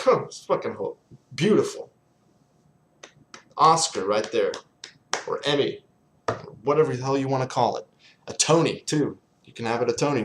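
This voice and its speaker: Young male sports fan, casual vlog rant, profane and sarcastic, mid-pitched. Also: slight background noise.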